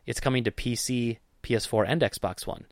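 A man's voice: medium pitch, normal speed, no echo. A man co-hosting a podcast, talking in a casual, rambling way with lots of fillers and jokes. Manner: rambling, filler-heavy, joking. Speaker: podcast co-host. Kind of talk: casual chat.

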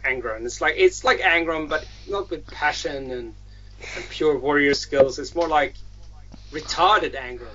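A man casually retelling a story in a rambling, animated way, with swearing and slang, on dull lo-fi audio. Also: fairly high pitch, a little slow, slight background noise. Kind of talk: casual chat.

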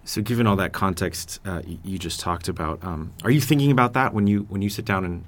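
Deep-voiced fast-talking male interviewer. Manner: asks long, setup-heavy questions. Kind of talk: interview questions.

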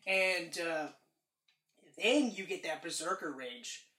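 Casual male podcast co-host, animated and profane, recorded in an echoey room. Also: a little high, slow, a crowd in the background. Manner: animated, swearing, excited retelling. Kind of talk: casual movie chat.

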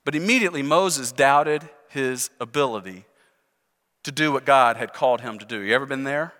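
A man's voice: mid-range voice, moderate pace, bright, forceful tone. A man pastor preaching a sermon in an earnest, conversational way with rhetorical questions, in a church sanctuary. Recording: long reverb in large hall.

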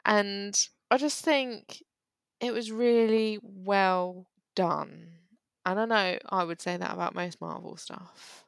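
A young woman, co-hosting a casual chat and gushing enthusiastically, quick to laugh. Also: mid-range voice, fairly even intonation, gravelly, smooth, dry recording. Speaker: podcast co-host.

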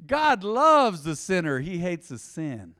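A pastor with a high, highly animated voice delivers a conversational sermon from the pulpit, taking it slowly. His lively preaching jumps from sudden loud bursts to quiet, near-whispered drops. Long church-hall reverb rings around him.

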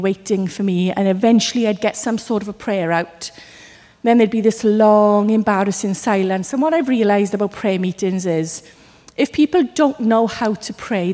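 A woman from Wales preaching a sermon, telling stories with lively acted asides. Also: medium pitch, in a large hall. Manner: animated storytelling with acted asides.

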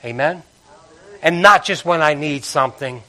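High-pitched guy preaching, super animated, goes loud then real quiet, acts out the stories. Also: normal speed. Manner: animated storytelling, acting out characters with loud outbursts and quiet drops. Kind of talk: sermon.

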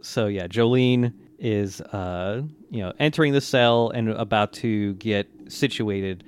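A man's voice: fairly low pitch, slow, clear, resonant tone. A man co-hosting a podcast, chatting casually as he recaps an anime episode, rambling loosely with lots of fillers and restarts. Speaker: podcast co-host.

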